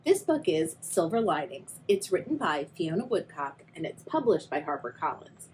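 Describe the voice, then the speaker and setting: A woman's voice: sits low, big pitch swings, moderate pace, a little mellow, slight background noise, low-quality recording. A young adult woman, a children's librarian, reading a picture book aloud and asking the young listeners questions. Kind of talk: read-aloud storytime for kids.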